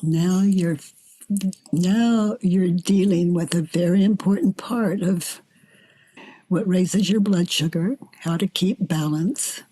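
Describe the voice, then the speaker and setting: An older woman facilitating a self-inquiry dialogue, gently coaxing her guest and calling her honey. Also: on the low side, husky. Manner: gentle, slow, coaxing with endearments.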